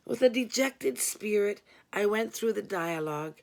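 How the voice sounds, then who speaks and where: A woman's voice: mid-range voice, lively intonation, measured pace, creaky, darkish tone. A woman reading a first-person adult story aloud, with a weary, wry tone. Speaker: audiobook reader.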